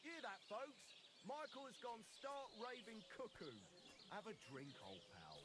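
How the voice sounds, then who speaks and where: A crude medieval drinking man in a game, mocking his friend. The voice sits high and swings widely. Loud birds and rural outdoor noise run behind him. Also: wildly swooping pitch, a little slow, heavily acted. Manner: mocking, sings lewd rhymes. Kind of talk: video game dialogue.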